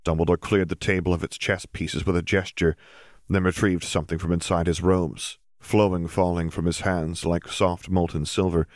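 A man narrating a fantasy story in a steady, even reading. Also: low-pitched, normal speed, no echo, studio quality. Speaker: audiobook narrator. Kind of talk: fan fiction audiobook reading.

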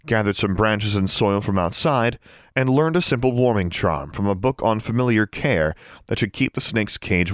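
A man narrates a novel in steady storytelling. His voice sits low, with a lively rise and fall. The recording is dry and close. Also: no room sound. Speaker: audiobook narrator. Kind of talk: scripted narration.

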